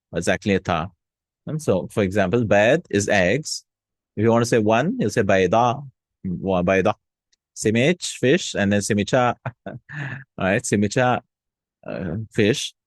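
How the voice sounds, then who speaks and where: Low-voiced man teaching a language, dry sound. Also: no room sound. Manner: explains slowly, repeats words, checks with "hmm?" and "no?". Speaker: Arabic teacher. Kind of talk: casual language lesson.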